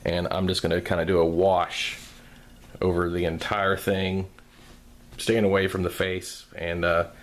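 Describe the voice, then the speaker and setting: A man calmly narrating a craft tutorial in a soft-spoken, step-by-step way. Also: sits low, unhurried.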